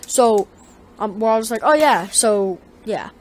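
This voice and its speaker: A woman vlogger telling a story in a casual, rambling way, swearing often and getting animated. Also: medium pitch, a little slow, a little hiss or hum.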